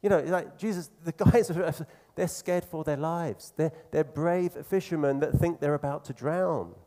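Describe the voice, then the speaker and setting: A man preaching a sermon in an earnest, conversational way, slowing down to stress key phrases. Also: on the high side, dark tone.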